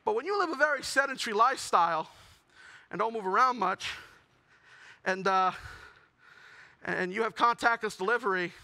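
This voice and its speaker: Bright high-voiced young male comic. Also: normal speed, vocal fry, pauses often. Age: young adult. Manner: self-deprecating, animated storytelling. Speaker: stand-up comedian. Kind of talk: stand-up comedy set.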